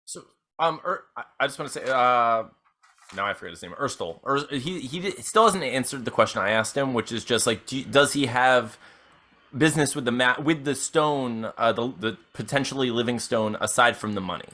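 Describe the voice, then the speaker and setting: A man's voice: medium pitch, normal speed, bright, forceful tone. A man playing a tabletop game, chatting casually and rambling with a giggle. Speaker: player.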